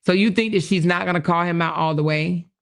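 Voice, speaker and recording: Woman on a livestream, gravelly voice, reading out comments and going "wow". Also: fairly low pitch, a little fast. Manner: reacts with exclamations, reads comments and messages aloud. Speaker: livestream host. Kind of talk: casual livestream commentary, reading chat aloud.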